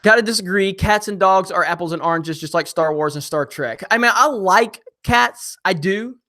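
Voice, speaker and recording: A young man hosting a casual live stream, reading viewer comments and joking with chat in an animated way. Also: sits high, normal speed.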